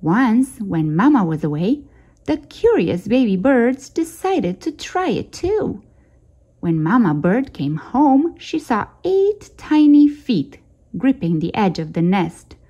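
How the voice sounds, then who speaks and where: A woman hosting a storytime channel, reading a children's picture book aloud in a gentle, expressive way. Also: fairly high pitch, takes it slowly, dull audio. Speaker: storytime host.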